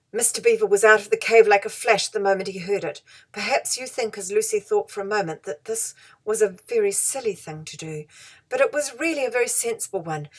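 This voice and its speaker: Gentle woman reading a storybook. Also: medium pitch, slightly rough. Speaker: audiobook reader. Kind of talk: storybook narration.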